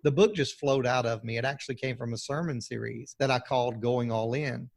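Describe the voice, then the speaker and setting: A man's voice: medium pitch, brisk, vocal fry. A man speaking as a pastor guest on a podcast interview, emphatic and preacherly, with frequent restarts.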